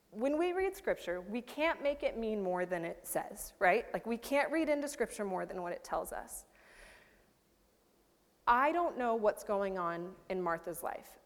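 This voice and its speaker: A woman's voice: fairly high pitch, big-room sound. A woman pastor preaching a chatty, self-deprecating sermon, often checking in with her listeners. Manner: chatty, self-deprecating, frequent "right?" asides.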